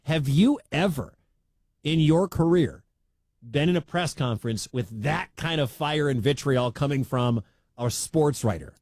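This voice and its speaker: A man's voice: a little high, unhurried, no echo. A male sports radio host talks through the news in a loose, rambling way, his voice rising and falling a lot. The sound is dry and close. He's from the American Midwest and chuckles along as he goes. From Midwestern United States. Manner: animated, rambling, laughs at the story. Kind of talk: casual talk radio commentary.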